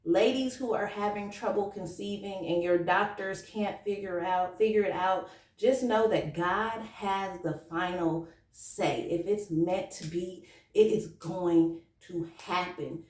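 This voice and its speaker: A woman in her thirties telling a personal story to camera in a chatty, animated, slangy way that turns emotional. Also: lowish voice, measured pace, recorded from a distance. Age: 30s. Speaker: vlogger. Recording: roomy echo, from off the mic.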